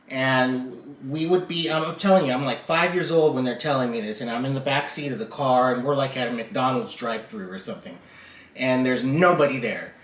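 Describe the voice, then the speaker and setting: A man co-hosting a casual podcast, loud and joking, swearing a lot as he tells stories. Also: mid-range voice, normal speed. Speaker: podcast co-host. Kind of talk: casual chat. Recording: echoey room.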